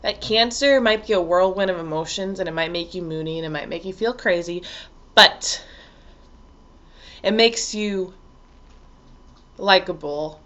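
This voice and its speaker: A woman astrologer talking casually to camera, animated and frank, swearing freely and laughing often. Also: lowish voice, measured pace, pauses often, muffled recording.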